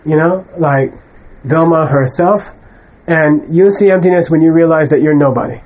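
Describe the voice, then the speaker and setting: A man with a slightly higher-than-usual voice lectures students in a conversational way. He is emphatic and blunt as he brushes aside wrong ideas. He keeps checking in with his listeners with a quick "okay?". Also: highs cut off. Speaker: Buddhist teacher.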